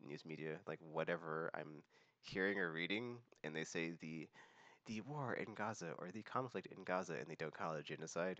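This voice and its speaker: A man's voice: sits low, fairly bright tone, dry recording, muffled recording. A young man hosting a casual monthly vlog, rambling with many fillers and restarts. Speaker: vlog host.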